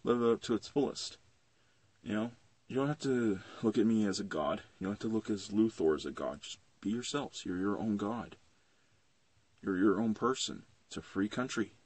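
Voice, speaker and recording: A lofty comic-book superhero delivering an earnest moral speech, as a man paraphrases him. The voice is low and a little husky. It is recorded dry. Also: normal speed, a little mellow, dry recording. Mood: lecturing.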